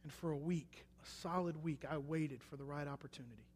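Man in his twenties, sermon testimony, emphatic then hushed, big reverberant hall. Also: fairly high pitch, brisk, slight background noise. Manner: swings from loud emphatic bursts to hushed quiet lines. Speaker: preacher.

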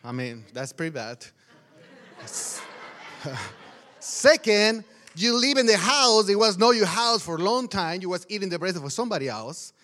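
High-voiced Mexican pastor preaching. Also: male voice, unhurried. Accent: Mexican Spanish. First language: Spanish. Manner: energetic, laughs often, broken English. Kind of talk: sermon.

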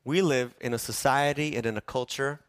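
A man preaching a sermon to his congregation, animated, asking them questions and acting out quoted voices. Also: mid-range voice, a little fast, clear, resonant tone, no room sound. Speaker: pastor. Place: church sanctuary.

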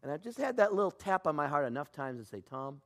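Animated storytelling pastor, man. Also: fairly high pitch, fast talker. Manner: storytelling with acted-out quotes, swinging from hushed to loud. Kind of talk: sermon.

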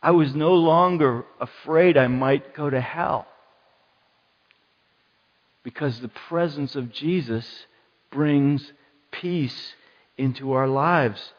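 A man preaching a sermon as pastor, lively and dramatic, acting out the voices of the people in his story. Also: fairly high pitch, slow pace, pauses often. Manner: animated, acts out quoted voices. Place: church. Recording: muffled church hall sound with long reverb.

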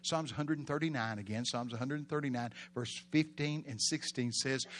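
A man's voice: medium pitch, fairly quick, few pauses. Folksy Texan preacher man. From Texas. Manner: folksy storytelling, bursts of loud emphasis. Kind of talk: sermon.

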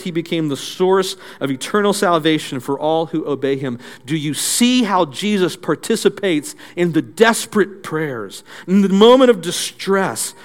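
A male pastor delivering a sermon, dramatic, dropping low and soft and then building up again. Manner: dramatic preaching with swings from soft to loud.

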